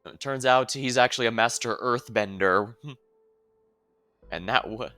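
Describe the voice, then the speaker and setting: A male streamer giving casual, excited commentary on a game, with some stumbling restarts. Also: medium pitch, unhurried, smooth, no room sound, soft background music.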